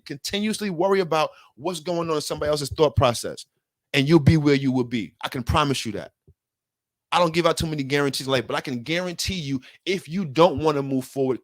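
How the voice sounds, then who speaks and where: A man's voice: a little high, fairly quick, no room sound. A man with a slightly raised voice gives an earnest motivational talk, speaking straight to the listener in casual slang. He repeats and restarts his phrases as he gets worked up. The sound is dry and close. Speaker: self-help speaker.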